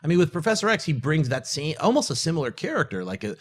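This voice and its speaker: A man co-hosting a casual movie-news chat, animated and joking. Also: on the high side, fast talker, husky. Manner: animated, jokey, breaks into goofy put-on voices. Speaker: co-host.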